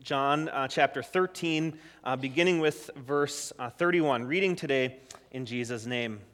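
A man leading a children's sermon as a pastor, gentle and encouraging, often restarting his sentences. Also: mid-range voice, unhurried, in a large hall. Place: church sanctuary.

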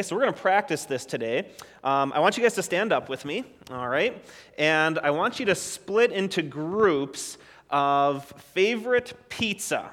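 A man leading a children's sermon as a pastor, gentle and encouraging, often restarting his sentences. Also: fairly high pitch, big-room sound. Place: church sanctuary.

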